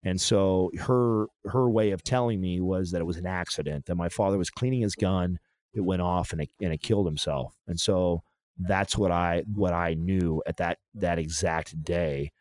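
A man talking through a painful personal story in a halting, emotional way, often restarting his sentences. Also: low voice, darkish tone, no echo. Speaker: podcast guest.

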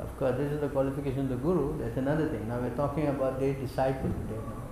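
A man's voice: medium pitch, steady tone, racing, hardly any pauses, dark tone, slight background noise. A man giving a scripture class as a spiritual teacher. He speaks emphatically and keeps quizzing his listeners. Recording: very echoey room.

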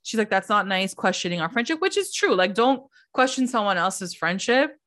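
Woman, podcast co-host, casual gossip chat, animated retelling, filler-heavy. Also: medium pitch, normal speed. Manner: animated storytelling, acting out quotes, lots of "like". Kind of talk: casual chat recapping reality TV.

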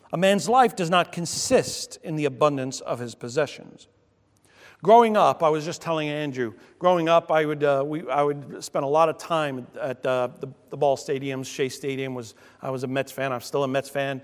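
Male pastor, fairly high voice, animated sermon delivery, long church reverb. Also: moderate pace. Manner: animated, with sudden loud exclamations.

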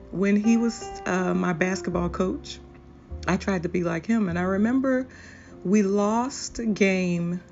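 A woman hosting a podcast, speaking in a slow, earnest, confessional monologue. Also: fairly low pitch, darkish tone. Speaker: podcast host. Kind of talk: personal reflective monologue. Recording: dull lo-fi recording with faint music.

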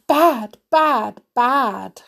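A woman's voice: mid-range voice, lively intonation, takes it slowly, a bit bright. Woman putting on a fretful clock butler. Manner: fretful, clipped and worried. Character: fussy anxious male clock servant.

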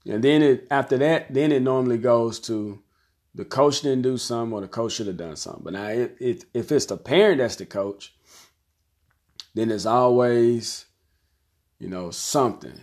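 A man's voice: medium pitch, moderate pace, darkish tone. Conversational man talking basketball. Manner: conversational, repeats phrases, acts out quoted voices. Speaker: basketball coach and commentator. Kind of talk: casual talk to camera, reviewing an article.

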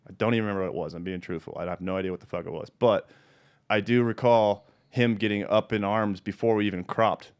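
A man hosting a podcast, telling blunt, profanity-laced stories in a casual chatty way. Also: lowish voice. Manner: profane, blunt, animated storyteller. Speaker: podcast host. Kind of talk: casual storytelling.

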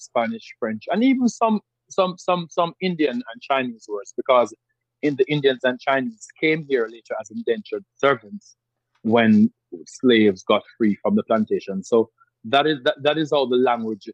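Jamaican man, podcast guest, reflective, husky tone, slightly muffled recording. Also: mid-range voice, dry recording. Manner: reflective, repeats words while searching for them. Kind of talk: conversational interview.

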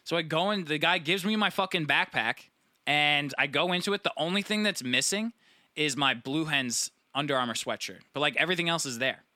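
Bright-voiced young man telling rambling stories. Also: a little high, a little fast, no room sound. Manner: rambling, profane, animated storytelling; acts out friends' voices. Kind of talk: casual chat.

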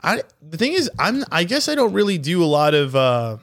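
A young podcast co-host with a lively, bouncing voice pitched a little high. He reacts fast and breaks into laughter, keeping the chat easygoing. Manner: animated, quick to react and laugh.

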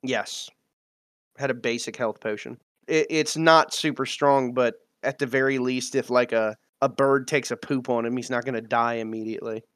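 A man playing a tabletop game, joking about the story in an animated way. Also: mid-range voice, normal speed, clean tone, dry recording, studio quality. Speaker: player.

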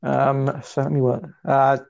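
A man's voice: mid-range voice, level tone, measured pace, vocal fry, a little mellow. A man co-hosting a casual podcast chat, talking chattily and laughing often. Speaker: podcast co-host. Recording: dull lo-fi audio.

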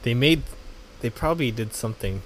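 A man co-hosts a casual podcast chat, joking, laughing, and often swinging into exaggerated put-on voices. He speaks briskly in an expressive, medium-pitched voice, with a little hiss or hum in the audio.

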